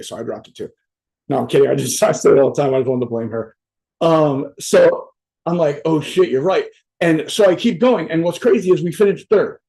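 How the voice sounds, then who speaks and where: A man speaking at a virtual summit over a video call, blunt and salty, cursing freely as he tells stories and fires questions at his audience. His voice sits high for a man but sounds soft and mellow. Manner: blunt, profane, conversational. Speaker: motivational speaker. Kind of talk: motivational talk.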